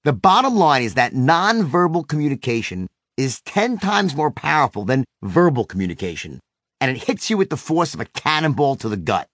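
Animated, emphatic male trainer narrating. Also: medium pitch, moderate pace, dry recording, clean studio sound. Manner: emphatic, storytelling, punchy. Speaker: sales and communication trainer. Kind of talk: scripted narration of a self-help book.

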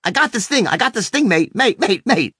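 A man's voice: sits high, expressive, a little fast, sharp tone, husky, no room sound, studio quality, voice pushed up, exaggerated voice. A man imitating a pushy, overbearing Australian man who keeps repeating himself, with an Australian accent. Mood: insistent.

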